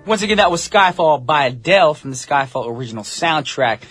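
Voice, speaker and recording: Playful husky male radio DJ. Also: fairly high pitch, expressive, brisk, a bit bright, faint music behind. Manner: playful, teasing banter. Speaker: radio DJ co-host. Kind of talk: casual radio chat. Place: radio studio. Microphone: studio microphone.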